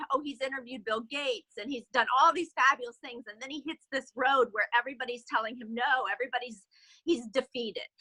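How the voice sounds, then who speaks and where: A woman sales director telling a motivational story in an animated way, with fillers, on a video call. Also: high voice, dry recording, low-quality recording.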